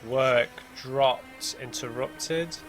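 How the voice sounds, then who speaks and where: Extremely slow and fairly bright in tone, a man of medium pitch thinks things through out loud during a blind let's play of a story game. Between musings over clues he mutters asides to himself, with eerie game music and hymns in the background.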